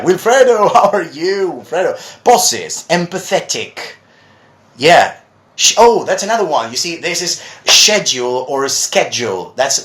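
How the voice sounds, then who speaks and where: A man's voice: medium pitch, a bit bright. A man teaching English pronunciation on a live stream, chatting and reading out viewers' comments. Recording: echoey room.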